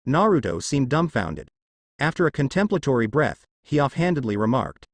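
Man reading fan fiction aloud, expressive, lively pitch, dry close sound. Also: moderate pace, no room sound. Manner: expressive storytelling. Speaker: narrator.

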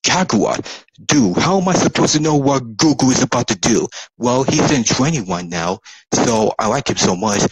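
A man's voice: mid-range voice, lively intonation, normal speed, husky, no echo, rough recording. A man doing a comedic parody role-play, with slangy, joking delivery. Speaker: parody video voice actor.

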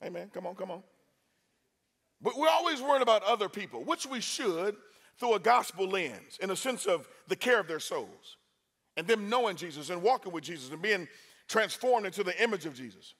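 A man preaching a sermon in a university chapel, energetic and talking with the crowd, with sudden loud bursts. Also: sits high, moderate pace, breathy edge.

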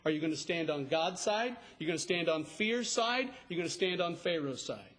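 A man preaching an expository sermon, emphatic and rising to a shout on key words. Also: a little high, animated, normal speed, few pauses. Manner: expository, explains scripture line by line. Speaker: pastor.

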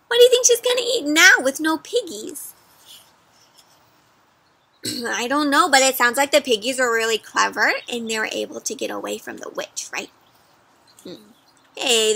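A woman's voice: sits high, vocal fry, breathy edge. A woman doing an interactive read-aloud for children, stopping often to ask them questions. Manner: asks children questions, animated. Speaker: storyteller.

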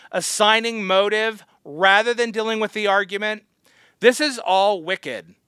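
Sharp, bright-voiced scolding pastor. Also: male voice, sits high, clear, resonant tone, no room sound, clean studio sound. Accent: American. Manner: blunt, harsh and scolding. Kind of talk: Bible study teaching.

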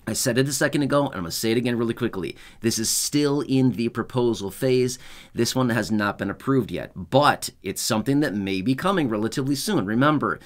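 A man hosting his channel, explaining benefit news in a casual, chatty way, correcting himself and chuckling at his own jokes. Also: mid-range voice.

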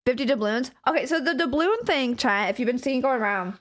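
A woman streaming live, chatting casually and excitedly with her viewers, giggling often and thanking them warmly. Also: high-pitched, a little fast. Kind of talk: casual chat to a live audience.

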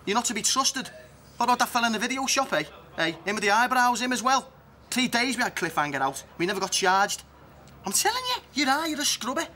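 A man's voice: very high voice, lively intonation, fast talker, bright, forceful tone, a little hiss or hum, heavily acted. An actor playing a jealous, foul-mouthed man who rants and makes threats in a TV comedy. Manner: accusing, ranting, threatening.

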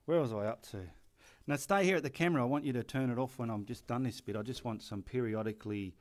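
Fast-talking and a little mellow, a middle-aged man with an Australian accent speaks in a mid-range voice while painting behind the scenes. The artist jokes, swears freely, gives directions and mutters instructions to himself.

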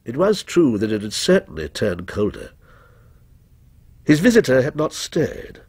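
A man narrating a ghost story in a measured, expressive storytelling manner. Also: medium pitch, breathy edge, dry recording. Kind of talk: scripted ghost story reading.

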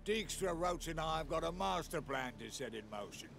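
A man's voice: on the high side, expressive, normal speed, vocal fry, fairly bright tone. An actor playing a cocky, slangy male schemer in video game dialogue. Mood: scheming. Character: crafty cheeky male schemer, adult. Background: game music.

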